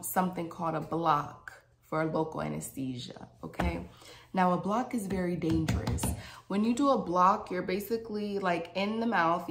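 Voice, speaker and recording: Brief: woman vlogger, lower voice, chatty and dramatic, speaks directly to viewers. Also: a little hiss or hum. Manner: animated, dramatic, slangy, addresses viewers directly. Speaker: vlogger and dental hygienist. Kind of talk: casual storytime monologue.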